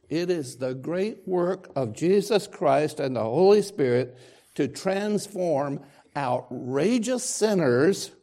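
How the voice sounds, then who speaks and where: A man preaches to his congregation in a slow, deliberate, emphatic way, leaning on dramatic pauses. His voice is gravelly and dark, and his pitch swings widely as he presses each point. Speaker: pastor. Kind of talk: sermon. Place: church sanctuary with congregation.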